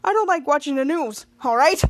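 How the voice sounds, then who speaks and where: A woman's voice: high-pitched, expressive, brisk, dry recording. A woman voicing a jealous teen boy sidekick. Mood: grumbling.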